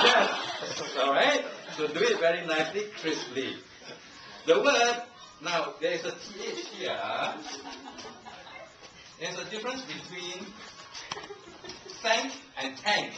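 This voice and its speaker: A Singaporean man with a slightly high, sing-song voice takes it a little slow, leaving long pauses as he delivers a teasing, humorous language evaluation to a club meeting. He speaks Singaporean English and laughs frequently. The far-off camcorder recording is echoey and noisy, made in a meeting room with a live audience.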